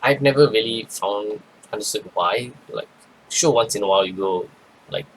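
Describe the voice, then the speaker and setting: A man giving a rambling, casual card game review, tired and yawning, with many pauses and restarts. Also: fairly low pitch, slight background noise, rough recording. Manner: rambling, lots of ums and restarts. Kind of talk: casual commentary.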